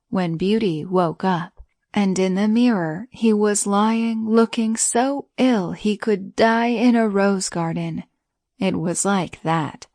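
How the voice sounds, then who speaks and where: A woman reading a bedtime story aloud in a soothing, even way. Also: mid-range voice, no room sound, clean studio sound.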